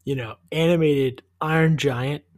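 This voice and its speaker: A man calmly chatting on a podcast, offering a thoughtful, measured point about films. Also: on the high side. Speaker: podcast co-host. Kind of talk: casual chat about films.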